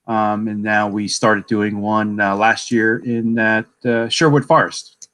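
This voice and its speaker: Easygoing man organizing events, halting speech. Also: on the low side, flat delivery, a bit bright. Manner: easygoing, halting, many fillers. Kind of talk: casual video-call chat.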